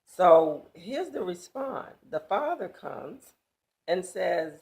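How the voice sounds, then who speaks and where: A woman teaching a Bible passage in sermon style, speaking slowly with a gravelly edge. She is emphatic and breaks into casual, colloquial asides. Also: fairly low pitch, sing-song, darkish tone.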